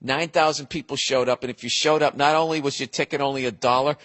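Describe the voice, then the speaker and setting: A man's voice: mid-range voice, steady tone, fast talker, a bit bright, in a large hall. A man hosting a podcast, delivering a profane, digressive comedic monologue. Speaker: podcast host.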